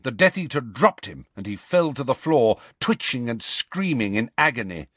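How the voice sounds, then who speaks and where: A man narrating an audiobook in an expressive, dramatic storytelling manner. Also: mid-range voice, moderate pace, no room sound.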